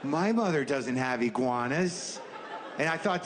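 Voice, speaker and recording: A man's voice: medium pitch, animated, a little slow, crowd noise. A man in his fifties doing a stand-up comedy set, ranting in a profane, exasperated way. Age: 50s. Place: comedy stage. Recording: noisy live stage recording.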